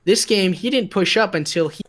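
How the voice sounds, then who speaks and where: A young man casting a mobile esports match live, chatty and relaxed, greeting viewers in the chat. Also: sits high, brisk. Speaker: esports caster.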